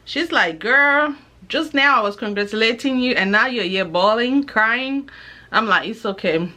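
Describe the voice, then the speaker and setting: A young woman vlogger telling a personal story in a casual, animated way, acting out the people she quotes. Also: fairly high pitch, moderate pace.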